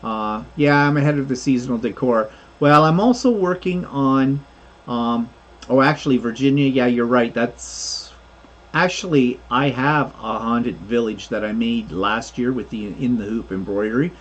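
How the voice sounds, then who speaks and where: A man's voice: medium pitch, normal speed, muffled recording. A man co-hosting a casual crafting livestream, rambling through explanations of his 3D printing projects with plenty of fillers.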